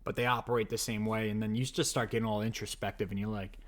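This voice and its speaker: A man's voice: fairly low pitch, flat delivery, quick pace. A man in his thirties, a dad, giving a jokey, sarcastic, mock-dramatic commentary on a children's show. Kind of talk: comedic commentary vlog.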